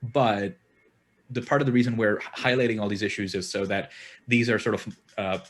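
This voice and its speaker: A man's voice: lowish voice, fairly even intonation, normal speed. A man hosting a podcast panel, talking earnestly and thinking aloud with frequent restarts. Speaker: podcast host. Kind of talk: casual panel discussion.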